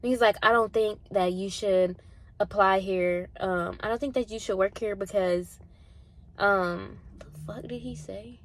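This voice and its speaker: A young woman in her twenties chatting casually at the gym, animated and full of "like", acting out the people in her story. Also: mid-range voice, unhurried, slight background noise. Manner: animated, acts out voices in quotes, frequent "like" and swearing. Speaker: vlogger.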